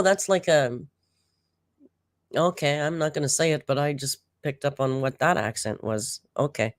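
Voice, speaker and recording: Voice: medium pitch, normal speed, no room sound, clean studio sound. A speaker giving casual reaction commentary on an old clip, sarcastic and exasperated. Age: older than the clip's audience.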